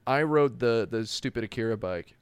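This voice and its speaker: A man's voice: mid-range voice, animated, moderate pace, slight background noise. A man in casual chat about a video game, rambling with restarts and acting out quotes.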